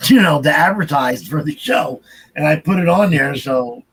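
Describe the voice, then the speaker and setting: Another co-host of the podcast livestream speaks loosely, with repeated phrases and frequent restarts in the casual chat. His fairly high voice is animated but a little slow, with a loud crowd behind him and poor audio.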